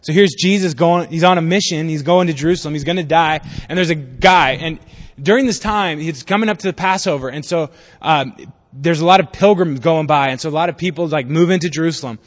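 A man's voice: a little high, fairly quick. Casual preaching man in an echoey hall. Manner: casual, conversational preaching with acted-out voices. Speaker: pastor. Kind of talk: sermon.

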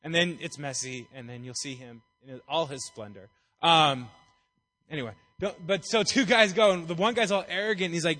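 A man's voice: on the high side, normal speed, bright, forceful tone. A man preaching a casual, playful sermon, chatty and jokey as he talks through a Bible passage. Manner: playful, chatty, acts out voices.

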